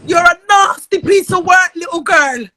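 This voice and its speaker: A woman, ranting loudly and profanely on a livestream, often close to tears. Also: very high voice, normal speed, slight background noise. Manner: angry, loud and profane, often near tears. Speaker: live streamer. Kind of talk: heated livestream rant.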